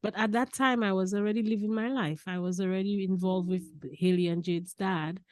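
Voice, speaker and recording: A woman from Lucia, a podcast guest telling personal stories in a lively way, laughing and repeating key phrases. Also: medium pitch, brisk, no room sound. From Saint Lucia. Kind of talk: casual personal storytelling.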